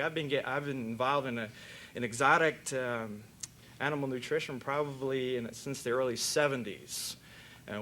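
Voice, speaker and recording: A man's voice: medium pitch, fairly bright tone, slight background noise. An older man, a veterinarian, giving a rambling, jokey conference lecture.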